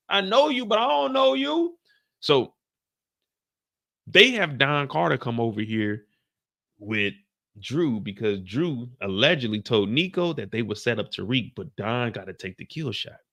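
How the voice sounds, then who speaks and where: A man recapping a TV finale in casual commentary, acting out the characters in high and low voices. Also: bright, forceful tone. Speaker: show reviewer.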